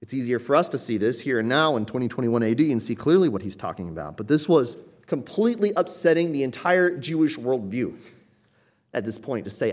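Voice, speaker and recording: A man's voice: medium pitch, sing-song, a little fast, a little mellow. Guy teaching bible verse by verse, explains the greek, leans on key words, ordinary mid voice. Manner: explanatory, emphatic, quotes commentators.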